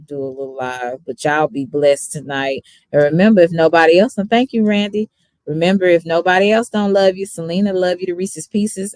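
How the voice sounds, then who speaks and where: A woman's voice: low-pitched, no echo, studio quality. Sleepy, chatty Texas woman signing off. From Dallas, Texas. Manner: chatty, rambling, thanks viewers by name. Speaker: YouTube reaction streamer. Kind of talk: casual livestream sign-off.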